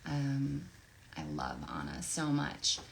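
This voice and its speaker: A woman voice actress chatting casually and effusively while signing autographs, thinking out loud as she goes. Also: extremely low pitch, big pitch swings, slow pace, creaky. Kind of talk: casual livestream Q&A chat.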